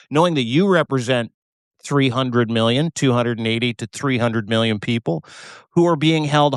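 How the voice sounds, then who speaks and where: A man's voice: medium pitch, no echo, studio quality. A man from Canada hosting a live video chat, asking long, winding questions full of "you know". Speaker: host. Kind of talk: casual interview chat.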